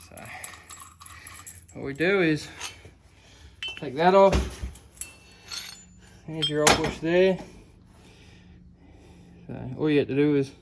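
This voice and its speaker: A man's voice: fairly high pitch, takes it slowly, long pauses, background noise. A man giving casual commentary while working on a car part in his workshop, chatting as he goes. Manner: talks while working, chatty, self-deprecating. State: out of breath. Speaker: home mechanic.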